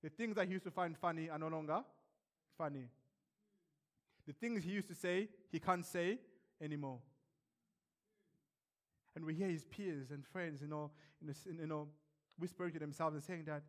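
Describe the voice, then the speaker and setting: A man preaching a sermon, emphatic and repetitive, asking the congregation rhetorical questions and dropping to a hush for effect. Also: on the high side, normal speed, long pauses.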